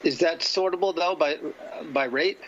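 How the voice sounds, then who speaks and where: A man's voice: a little high, moderate pace, fairly bright tone. A man, a reporter, pressing officials with detailed follow-up questions at a press briefing. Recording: muffled remote audio with faint noise.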